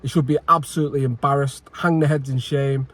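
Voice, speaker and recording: With a mid-range, slightly bright voice, steady and brisk, a male football fan channel host reacts angrily after the match. Agitated and sweary, he keeps sighing and repeating himself.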